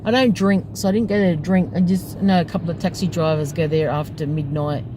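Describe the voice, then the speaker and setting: A woman's voice: fairly low pitch, fairly even intonation, brisk, background noise. A woman, a taxi driver, telling a story from her night in a casual, chatty way and breaking into laughter often.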